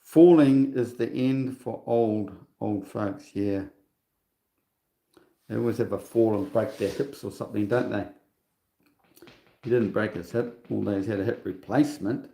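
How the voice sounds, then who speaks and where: A man's voice: fairly low pitch, a little slow, vocal fry, pauses often, mellow, roomy sound. A man in his sixties hosting a livestream in a rambling, casual monologue, scornful and full of chatty asides. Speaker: livestream host.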